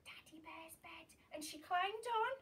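A woman teacher reading a children's story aloud, animated, with dramatic gasps and suspenseful whispers. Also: very high voice, measured pace, distant mic, slight background noise. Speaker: primary school teacher.

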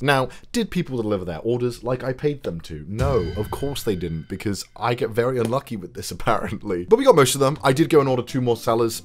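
A man hosting a comedy video in excitable, casual commentary, swearing and laughing often. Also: medium pitch. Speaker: YouTuber host.

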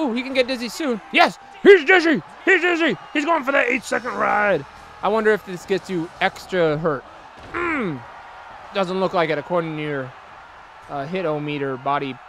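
Man, high voice, very animated pitch, let's play commentary, loud excitable yelling, cursing, faint background noise. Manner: excitable, yelling and groaning at the game, cursing, trash-talking. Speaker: gameplay commentator.

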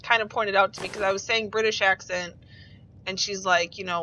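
A woman from Minnesota chats and rambles on a live stream with an accent blending Minnesotan and Texan Southern US speech, using lots of fillers and laughs. Her mid-range voice is steady, sharp and a little fast. The audio has its highs cut off and a bit of hiss or hum.

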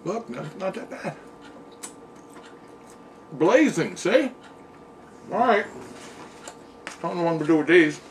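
A man's voice: high voice, lively intonation, slow pace, long pauses. Easygoing man tasting wings, distant mic. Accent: Pennsylvania. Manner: easygoing, plain-spoken, chatty between bites. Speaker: food reviewer. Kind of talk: casual taste-test vlog. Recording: distant mic with noticeable noise.

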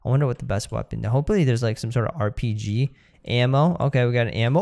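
A young man hosting a casual let's-play, talking straight to his viewers with excitable energy. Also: mid-range voice, fast talker, vocal fry. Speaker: gaming video host.

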